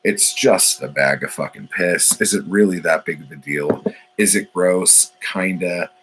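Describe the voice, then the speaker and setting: A man's voice: low voice, measured pace, a bit bright, slight background noise, rough recording. A man, a poet, talking in a casual, profane, meandering monologue full of fillers.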